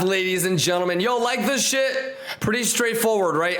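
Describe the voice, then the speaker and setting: A man's voice: high-pitched, moderate pace, few pauses, fairly bright tone. A man hosting a live trading stream, hyped and slangy, repeating catchphrases and talking straight to his viewers.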